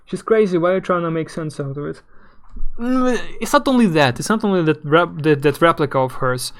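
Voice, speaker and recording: Brief: young male streamer, fairly high and smooth voice, rambling and halting. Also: lively intonation. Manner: rambling, halting, searching for words. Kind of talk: casual live game commentary.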